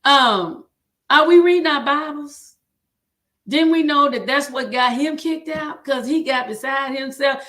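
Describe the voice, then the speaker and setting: Southern woman host, high-pitched, exhorting sermon-style talk. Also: a little slow, a bit bright. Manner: exhorting, repeats "come on", reads viewer comments aloud. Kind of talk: livestream talk to choir directors, preaching tone.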